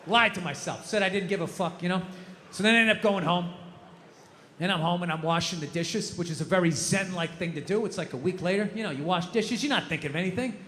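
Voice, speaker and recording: A male stand-up comedian ranting and swearing, swinging from low muttering to shouting. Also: fast talker. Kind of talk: stand-up routine. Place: comedy club stage. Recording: noisy stage recording with long reverb.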